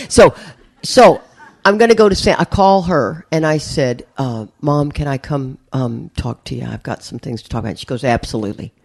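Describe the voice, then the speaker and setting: A middle-aged woman, speaking at a recovery meeting and telling a candid story to a live audience with self-mocking humor. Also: low voice. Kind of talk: personal testimony to a live audience.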